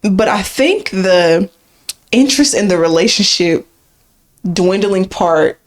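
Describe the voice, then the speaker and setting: Relaxed woman podcast co-host. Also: mid-range voice, slow. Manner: talks through points in a relaxed, explaining way with frequent "like" and "so". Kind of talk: casual conversational podcast chat.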